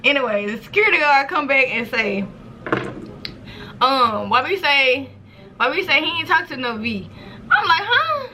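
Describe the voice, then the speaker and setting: Young woman vlogger, storytime to camera, crisp bright tone, slightly high voice, swears freely, jumps up in pitch for quotes. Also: moderate pace, long pauses, slight background noise. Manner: animated, profane, acts out quotes with sudden high squeals. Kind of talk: casual storytime monologue.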